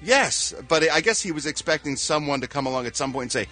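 Man, showbiz radio host, bright and lively, playful teasing read, faint music behind. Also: fairly high pitch, quick pace. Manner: playful, teasing, animated delivery. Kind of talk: casual morning radio chat.

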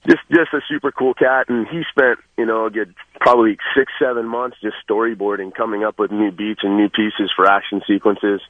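Fast-talking laid-back man on a phone line. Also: lowish voice, fairly even intonation, no echo. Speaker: phone-in guest, film actor. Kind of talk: casual interview over the phone. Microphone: telephone.

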